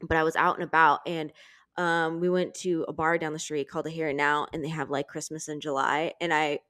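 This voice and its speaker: A woman co-hosting a podcast in casual chat, her voice throaty today, talking fast with lots of laughs. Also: low voice, flat delivery, fairly bright tone, dry recording, clean studio sound. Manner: chatty, laughs often, says freaking a lot. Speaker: podcast co-host. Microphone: studio microphone.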